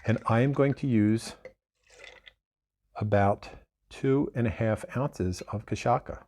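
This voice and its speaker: A man's voice: lowish voice, slow pace, darkish tone. A man hosting a casual cocktail demonstration, talking in a chatty, digressive way and correcting himself as he goes. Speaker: bartender host.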